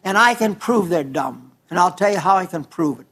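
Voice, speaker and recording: A man's voice: sits high, animated, a little fast, a bit bright. An older man preaching a folksy sermon, stumbling and repeating words as he tells homespun stories.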